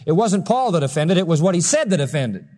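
A male preacher with a high, very lively voice that leaps up whenever he acts out a quote. He speaks in a long-reverb hall. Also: fast talker. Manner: animated, acts out quoted lines in raised voice. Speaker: pastor. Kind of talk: sermon.

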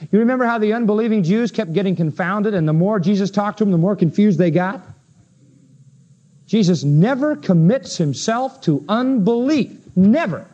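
A man preaching a sermon in a high voice, emphatic and full of rhetorical questions. He slows right down when he quotes scripture aloud. The recording sounds dull and lo-fi. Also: mellow. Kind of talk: expository sermon.

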